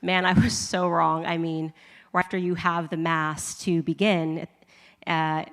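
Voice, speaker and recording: A woman commentator telling a personal testimony in a lively way, laughing often and acting out her own reactions. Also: lowish voice, unhurried, in a large hall. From United States.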